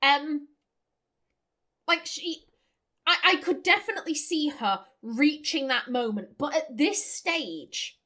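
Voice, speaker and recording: A young woman hosts a game playthrough, musing aloud and reading out the choices she is weighing. Her voice sits high and bright. She talks in a loose, chatty way. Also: expressive, takes it slowly, pauses often. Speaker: let's play host. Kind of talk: gameplay commentary.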